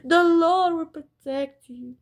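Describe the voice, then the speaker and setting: A woman's voice: very high voice, takes it slowly, pitched above the performer's own voice, full character voice. A woman voicing a fake-pious church-going woman in a sweet, saccharine, mocking tone. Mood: sugary.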